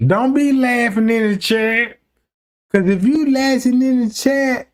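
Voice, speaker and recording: High-voiced man telling a rambling story slowly. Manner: profane, rambling, swings from low mutters to shouting. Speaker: livestreamer. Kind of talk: casual storytelling to a live chat.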